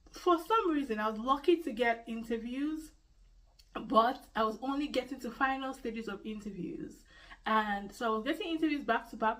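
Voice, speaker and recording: A woman's voice: a little high, recorded from a distance, poor audio. A Nigerian woman telling a personal story in a vlog, earnest and repeating key phrases for emphasis. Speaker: vlogger.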